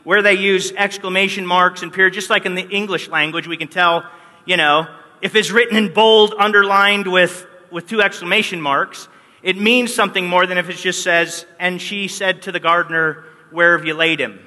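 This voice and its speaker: A man's voice: high-pitched, steady tone, normal speed, bright, forceful tone. A man preaching a sermon, telling the story with animation and acting out the quoted lines. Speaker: pastor. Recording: long hall reverb.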